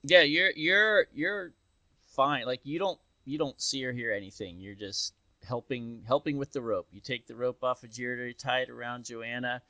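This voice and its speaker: A man's voice: medium pitch, fairly even intonation, normal speed, pushed and bright, dry recording. A man narrating as game master of a tabletop game, rambling and restarting as he describes scenes. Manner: rambling, full of restarts and fillers.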